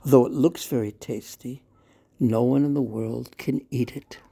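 A man's voice: medium pitch, fairly even intonation, unhurried, vocal fry, mellow, breathy edge. A man voicing a loving mother who patiently explains and soothes her child. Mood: gentle.

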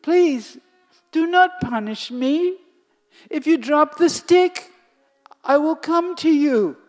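Narrator doing a mischievous little boy god, high pleading voice, slow, loud, long hall reverb, faint music. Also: animated.

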